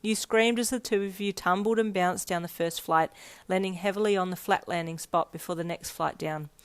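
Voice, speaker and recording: Low-voiced woman narrating a story. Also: normal speed, smooth. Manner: steady storytelling read-aloud. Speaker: fanfiction narrator. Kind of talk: scripted narration.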